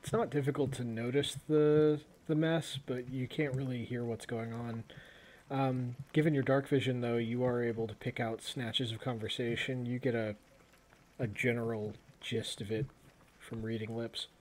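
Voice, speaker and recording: A man narrating as game master of a tabletop role-playing game, in a relaxed, halting way with some fillers. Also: medium pitch.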